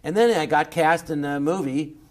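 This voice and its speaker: A man from Southern California with a Californian accent, telling a long, rambling anecdote as a podcast guest, full of restarts and quick imitations. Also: fairly high pitch. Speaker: guest comedian.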